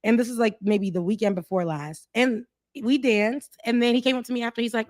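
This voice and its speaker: A woman's voice: on the high side, fairly quick, no room sound, clean studio sound. A woman co-host telling stories in casual chat, with laughs and quoted voices. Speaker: show co-host.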